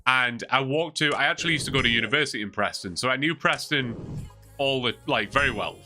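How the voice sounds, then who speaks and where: Bright-voiced Geordie man telling stories. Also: medium pitch, quick pace, faint music behind. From Newcastle, England. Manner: rambling storytelling with fillers. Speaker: livestreamer. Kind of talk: casual chat to stream viewers.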